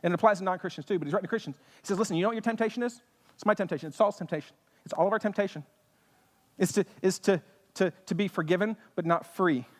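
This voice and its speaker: A pastor delivers a fervent sermon in a high voice at a very fast clip, using rhetorical questions and bits of humor. Long reverb from the church sanctuary fills the recording.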